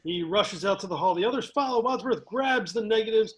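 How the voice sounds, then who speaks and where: During a casual table read, a man with a high-pitched, brisk voice and lively intonation reads the stage directions aloud. He laughs and stumbles over the narration now and then.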